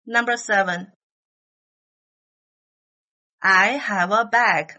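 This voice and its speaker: A woman with a mid-range, sharp-toned voice reads numbered items for an English listening test, spacing each phrase slowly, carefully, and evenly. The audio sounds dull.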